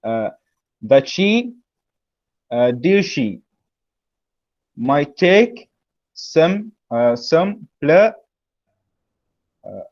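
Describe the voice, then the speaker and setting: A male student reading verse aloud in class, halting and hesitant with many fillers. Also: on the high side, sing-song, darkish tone, muffled recording.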